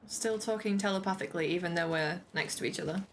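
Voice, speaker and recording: A woman's voice: fairly low pitch, fast, slight background noise. A woman streaming a game, chatting casually, laughing often, and reading on-screen text aloud.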